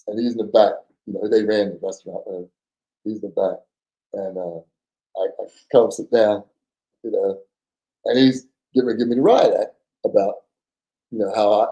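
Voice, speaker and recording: A man's voice: on the low side, moderate pace, long pauses, poor audio. A man telling a story as a guest in a podcast interview, in casual slang. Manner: animated storyteller, acts out voices, casual slang. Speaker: former undercover agent, guest.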